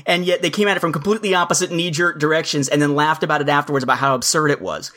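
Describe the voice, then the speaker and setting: A man's voice: on the high side, fairly even intonation, rapid-fire, pushed and bright. A man in casual podcast talk who explains at length and likes to mimic lines he quotes. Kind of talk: casual chat.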